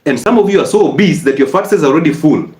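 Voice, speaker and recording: Animated man giving a health talk. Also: on the high side, fast. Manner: animated, teasing, rhetorical questions. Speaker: health educator. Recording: echoey room.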